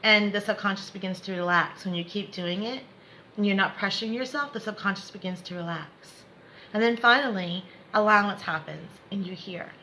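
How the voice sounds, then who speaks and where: Bright-voiced woman teaching spirituality. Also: medium pitch, moderate pace, a little hiss or hum, rough recording. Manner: repetitive, encouraging, laughs often. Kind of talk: live online spiritual lesson.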